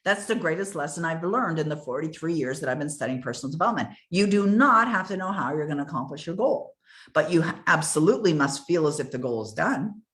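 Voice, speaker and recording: A woman's voice: sits low, lively intonation, fast talker, a bit bright. An older woman giving an earnest, emphatic motivational coaching talk, repeating key words for stress. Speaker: success coach.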